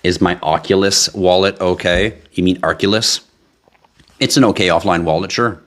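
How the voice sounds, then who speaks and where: Low-voiced tired man hosting a live chat. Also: moderate pace. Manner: relaxed, chatty, reads viewer questions aloud and answers. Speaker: livestream host answering crypto questions. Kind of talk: casual live Q&A.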